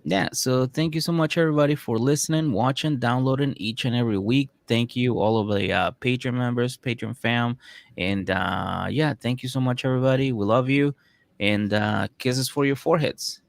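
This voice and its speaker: A man co-hosting a laid-back podcast, animated and quick to act out what people said in funny voices. His voice sits at a middle pitch and is recorded close and dry, with no room around it. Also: creaky, no echo. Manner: animated storyteller, acts out quotes, swears. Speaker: podcast co-host. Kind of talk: casual podcast chat.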